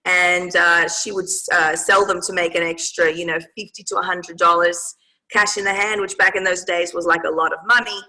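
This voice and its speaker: A woman's voice: on the low side, steady tone, normal speed, pushed and bright, low-quality recording. A woman with an Australian accent, telling her life story as a guest in an interview, with many fillers and restarts.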